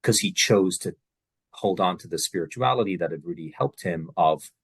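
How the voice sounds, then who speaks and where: A man from Ireland with an Irish accent, speaking softly and thoughtfully in a reflective conversation as host. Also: deep voice, moderate pace, breathy edge, no room sound.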